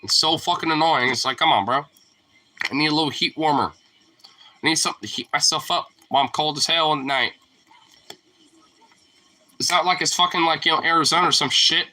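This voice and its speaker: A young man rambling casually to his dog at home, profane and teasing, jumping into a high squeaky voice to call the pet. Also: brisk, long pauses, sharp tone. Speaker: vlogger talking to his dog. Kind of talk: casual chat.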